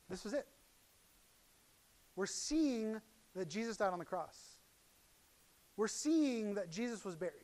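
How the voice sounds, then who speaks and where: A middle-aged man preaching from the pulpit in a fairly high voice. He tells the story with animated energy, jumping from loud, excited outbursts to quiet, hushed asides as he acts out the characters. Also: unhurried, pauses often. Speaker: pastor. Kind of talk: sermon.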